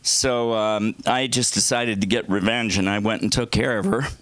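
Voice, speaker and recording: A man's voice: on the low side, steady tone, moderate pace, a bit bright, dry recording. Rambling man doing crude stand-up. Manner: rambling, self-deprecating and crude. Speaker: stand-up comedian. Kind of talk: open-mic stand-up. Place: comedy club stage.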